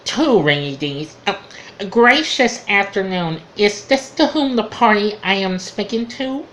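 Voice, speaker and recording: A man's voice: high voice, lively intonation, measured pace, pushed and bright, a little hiss or hum, voice pushed up, heavily acted, rough recording. A man imitating a prim female telephone operator who speaks in stilted, overly formal phrases.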